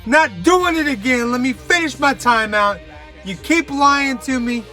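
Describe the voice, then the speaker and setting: A man's voice: extremely high pitch, lively intonation, a little slow, sharp tone, faint music behind, voice pushed up, full character voice. A man putting on an impression of a brash, indignant comedian, ranting in exasperation.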